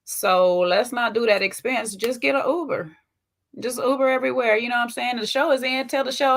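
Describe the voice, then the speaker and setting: A woman with a Southern US twang hosting a casual, slangy recap of a reality TV show, chatty and quick to laugh. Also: on the high side, gravelly, fairly bright tone. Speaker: host.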